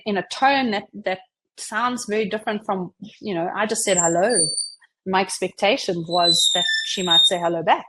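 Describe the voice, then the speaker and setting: A woman giving a conversational webinar presentation, chatty and relaxed, who often says "you know" and acts out example dialogues. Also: medium pitch, rough recording.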